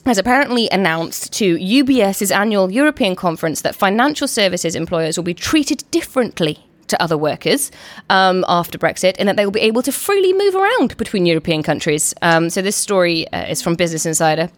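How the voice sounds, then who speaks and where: Fast, lively woman hosting. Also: mid-range voice, dry recording. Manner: quick, animated, repeats words when starting. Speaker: podcast host. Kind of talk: casual panel discussion.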